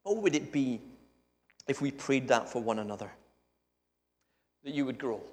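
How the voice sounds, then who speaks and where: A man with a Scottish accent preaching a sermon in a lively, joking way that builds to emphatic points. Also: medium pitch, normal speed. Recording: echoey hall with long reverb.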